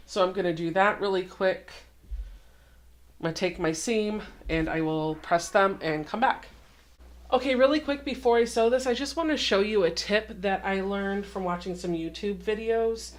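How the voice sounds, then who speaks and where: A young adult woman hosting a casual home sewing tutorial, chatty and self-deprecating as she walks through each step. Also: medium pitch. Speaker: quilting channel host.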